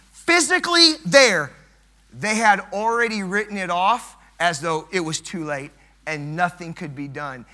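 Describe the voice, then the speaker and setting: A man preaching an evening sermon, emphatic and repetitive, swelling loud and dropping soft. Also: sits high.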